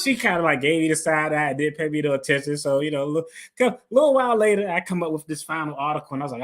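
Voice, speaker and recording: A man's voice: on the high side, quick pace. A man hosting a finance video, telling a story in a casual, playful way and acting out his own quotes. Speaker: attorney and finance video host.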